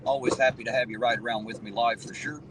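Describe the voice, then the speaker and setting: A fast-talking man with a medium-pitched voice and fairly even intonation livestreams from his vehicle at night. He has an Appalachian accent and chats casually, greeting viewers by name in a folksy, talkative style, with a distant mic picking up loud road noise.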